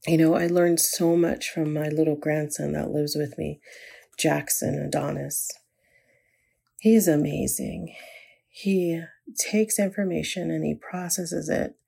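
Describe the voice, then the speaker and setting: A woman's voice: low voice, fairly even intonation, slow, gravelly, mellow, slightly rough. An older woman, a grandmother, telling an earnest, reflective faith story about her grandson. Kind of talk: inspirational personal storytelling.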